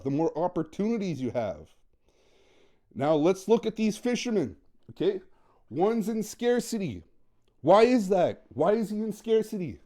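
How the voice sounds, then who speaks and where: Male dating coach, emphatic monologue, dark-toned, slightly high voice. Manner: emphatic, repetitive, acts out quoted dialogue. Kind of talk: motivational monologue.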